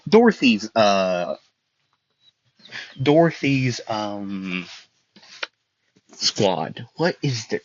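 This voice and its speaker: A man's voice: on the low side, big pitch swings, extremely slow, pauses often, muffled recording. A young man telling a fan story in a casual, rambling, jokey way, often stopping to correct himself.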